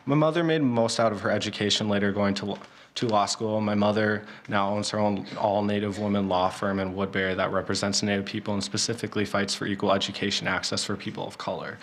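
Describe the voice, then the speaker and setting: A man's voice: on the low side, fairly even intonation, quick pace, a bit bright. A polite young man, a student, reading a personal statement during public comment at a school board meeting. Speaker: student speaker.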